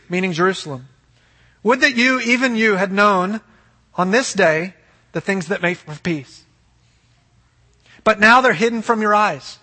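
A man preaching with a high, bright, slightly husky voice, earnest and emphatic. His sermon rings out in a large hall with a long reverb trailing each phrase. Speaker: pastor.

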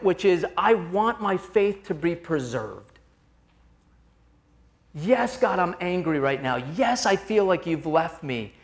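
A male preacher with a notably high-pitched voice delivers a sermon. He speaks in an earnest, confessional way and keeps it conversational, calling his listeners "gang" as he weaves personal stories into scripture.

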